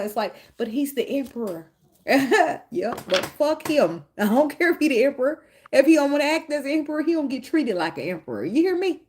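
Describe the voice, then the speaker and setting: A woman's voice: on the high side, darkish tone. A woman giving a casual tarot reading, blunt and profane, who laughs often and talks straight to the viewer. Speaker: tarot reader.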